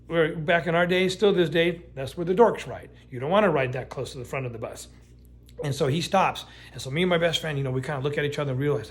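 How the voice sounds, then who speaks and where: A middle-aged man telling a true story in a casual, animated way, swearing often and restarting his sentences. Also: on the high side, fast. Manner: animated, profane, lots of restarts and fillers.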